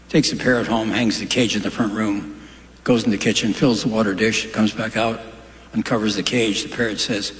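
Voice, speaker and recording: A man's voice: on the low side, fairly even intonation, fairly quick, fairly bright tone. A man doing stand-up comedy in a large hall, delivering dry one-liners and long joke stories. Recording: live stage recording in echoey hall.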